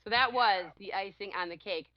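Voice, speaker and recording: A woman's voice: mid-range voice, brisk, dull audio, a little hiss or hum. A woman co-hosting a podcast, telling a story in casual chat and laughing often as she acts out what others said. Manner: animated, laughs often, acts out quotes loudly. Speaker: podcast co-host.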